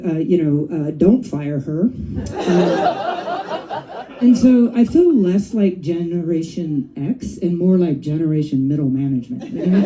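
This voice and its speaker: A woman's voice: on the low side, highs cut off, noisy background. A middle-aged woman doing her first stand-up comedy set, chatty and profane, often tagging lines with "right?" and "you know". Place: comedy club stage. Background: audience laughing and cheering.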